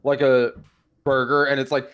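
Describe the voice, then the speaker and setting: A man's voice: mid-range voice, level tone, normal speed, fairly bright tone, smooth. Rambling male podcast co-host. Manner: rambling, loose, trails off. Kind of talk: casual chat.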